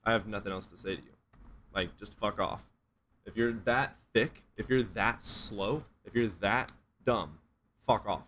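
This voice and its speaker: A man's voice: lowish voice, a little slow, fairly bright tone, a little hiss or hum. A man streaming and answering chat questions in a blunt, profane, sarcastic way. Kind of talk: casual livestream chat.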